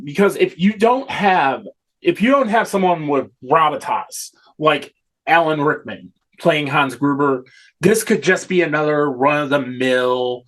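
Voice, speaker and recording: A man's voice: a little high, expressive, a little slow, fairly bright tone. A man co-hosting a casual film discussion, enthusiastic and swearing freely. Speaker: podcast co-host.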